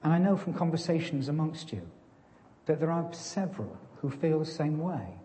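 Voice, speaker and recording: Preacher in a reverberant church. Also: male voice, fairly high pitch, animated, moderate pace, dark tone. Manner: conversational, self-deprecating, plays farmer joke. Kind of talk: sermon.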